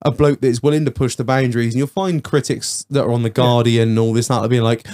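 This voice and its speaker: A man's voice: mid-range voice, quick pace, hardly any pauses. A man hosting a podcast, telling stories in casual banter, laughing and swearing often. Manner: laughing, swearing, lively storytelling. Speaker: podcast host.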